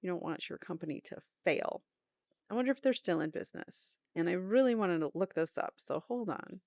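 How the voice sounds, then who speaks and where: A woman's voice: lowish voice, lively intonation, a little fast, darkish tone, no room sound, lo-fi sound. A woman host reading aloud from a trial transcript, breaking off often with casual joking comments. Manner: reads both sides of testimony aloud, breaks off with joking asides and laughs.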